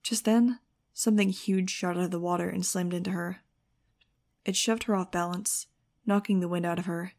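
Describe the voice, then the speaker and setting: Gravelly-voiced woman narrating an audiobook. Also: lowish voice, brisk. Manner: lively, shifting into excited first-person telling. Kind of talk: scripted narration.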